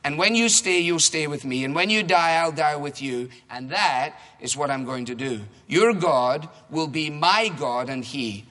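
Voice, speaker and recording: A steadfast, loyal young widow, as a male preacher reads her from a storybook. She makes earnest rhyming vows in a slightly high, bright voice. A long hall reverb surrounds her. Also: measured pace, few pauses.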